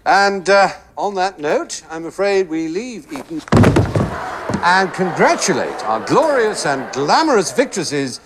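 An actor playing a brisk quiz show host announcing results. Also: male voice, sits high, sing-song, heavy background noise. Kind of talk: film acting.

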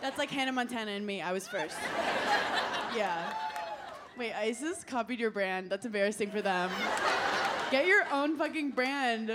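Brash high-voiced woman doing stand-up. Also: lively intonation, normal speed, pauses often. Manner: brash, playful, laughing through punchlines. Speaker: stand-up comedian. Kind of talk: stand-up set. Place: comedy stage before a live audience. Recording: loud live crowd and noise.

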